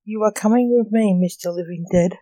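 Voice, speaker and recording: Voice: mid-range voice, brisk, mellow, dry recording, natural voice. A reader voicing a taunting Grim Reaper. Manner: teasing, taunting.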